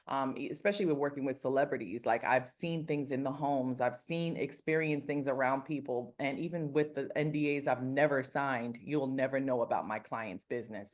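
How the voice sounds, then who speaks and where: Low-voiced earnest woman makeup artist. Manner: earnest, rambling, frequent fillers. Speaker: celebrity makeup artist and mentor. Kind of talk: casual faith-focused interview talk.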